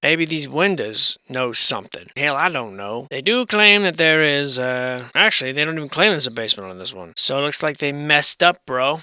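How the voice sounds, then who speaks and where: Sarcastic man with a very bright voice. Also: on the high side, expressive, moderate pace, hardly any pauses, clean tone, dry recording. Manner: sarcastic, irreverent, swears freely; rambling, thinks aloud with asides. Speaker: channel host. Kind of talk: casual commentary on old building survey photos.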